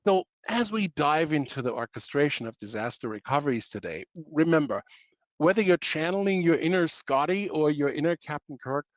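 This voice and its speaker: A man's voice: fairly high pitch, expressive, brisk, no echo, lo-fi sound. A man presenting a webinar in a playful way, packed with pop-culture analogies and self-mocking asides.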